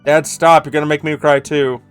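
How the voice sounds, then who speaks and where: A man's voice: fairly high pitch, flat delivery, a little fast, clear, resonant tone, soft background music, close to an everyday voice. Man putting on an eager teenage girl. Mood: teary. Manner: eager, gushing. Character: excited teenage girl heading to college.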